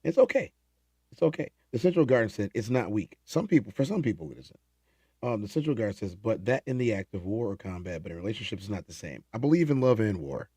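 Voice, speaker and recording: A man hosting a late-night livestream, reading chat comments in casual talk, animated and prone to repeating himself and restarting phrases. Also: lowish voice, quick pace, husky, no room sound, studio quality.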